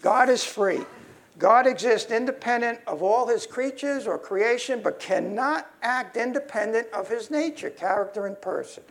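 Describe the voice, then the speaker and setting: A man's voice: extremely high pitch, lively intonation, moderate pace, a bit bright. A man preaching a sermon in a heated, emphatic way, often restarting his sentences.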